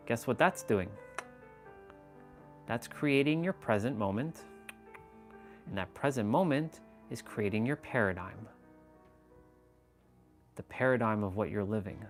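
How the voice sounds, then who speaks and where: A man holds forth on a live stream in an intense, preachy way, with casual swearing. His voice sits at a middle pitch. Faint music plays quietly behind him. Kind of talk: motivational live-stream talk.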